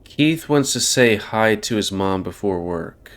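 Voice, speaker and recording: A man's voice: fairly low pitch, animated, unhurried. A man voicing a snooty young female animal with a dopey, childish undertone in a visual novel. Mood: eerie. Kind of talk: reading a visual novel aloud.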